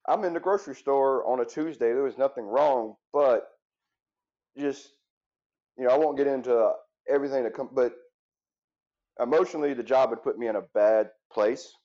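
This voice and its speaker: A man in his thirties talks candidly and reflectively, often restarting his sentences. His voice is warm and dark, of medium pitch. The recording sounds a little muffled. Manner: earnest and reflective, with frequent restarts. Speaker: interview guest, former firefighter turned business owner. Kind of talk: candid interview storytelling.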